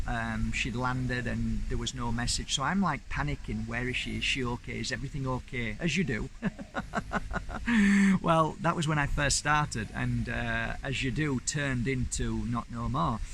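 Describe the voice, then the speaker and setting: A man's voice: mid-range voice, creaky, fairly bright tone, a little hiss or hum, rough recording. A man hosting his own channel, telling a personal story in a chatty, rambling, enthusiastic way. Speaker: crystal channel host. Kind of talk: casual storytelling to camera.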